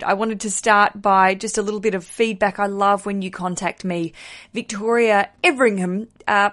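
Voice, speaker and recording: A woman's voice: mid-range voice, fairly bright tone. A woman with an Australian accent hosting a podcast, talking in a chatty, jokey way with candid asides. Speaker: podcast host. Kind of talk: casual comedic podcast monologue.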